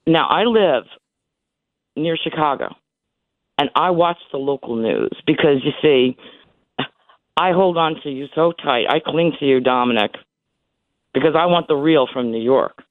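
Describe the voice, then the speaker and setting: Calling a radio show by telephone, a woman in her sixties talks with emotion and emphasis, repeating herself as her voice cracks. She speaks in a low voice at a measured pace, pausing often. The tinny line carries no room sound.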